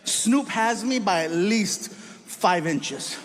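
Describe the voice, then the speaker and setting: A man doing live stand-up storytelling, animated, often shouting and laughing at his own lines. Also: sits high, slow pace. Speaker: stand-up comedian. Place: comedy stage before an audience. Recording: live show with audience noise.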